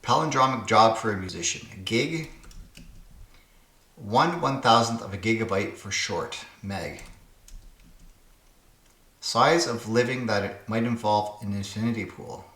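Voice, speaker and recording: A man with a low voice thinks aloud at a slow, unhurried pace while solving puzzles. His muttered commentary sounds like it comes from an echoey room. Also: a bit bright. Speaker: puzzle game channel host.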